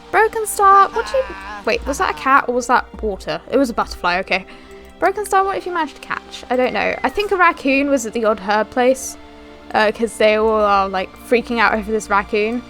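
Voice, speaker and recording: A woman's voice: on the high side, sing-song, fairly quick, fairly bright tone, faint music behind. A young woman giving casual let's-play commentary, chatting and giggling as she talks to her game characters. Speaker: gaming channel host.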